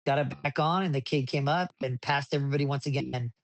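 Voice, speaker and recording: A man's voice: mid-range voice, fast talker, dry recording. Rambling man, dry close mic. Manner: rambling with frequent restarts, animated when retelling. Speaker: desert racing driver, podcast guest. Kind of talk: casual interview storytelling.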